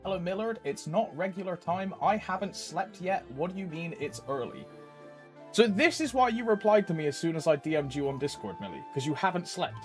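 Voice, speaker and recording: A man's voice: high-pitched, animated, brisk, faint music behind. A young man streaming a game, greeting chat by name, with frequent laughs and slangy banter. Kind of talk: casual live-stream chat.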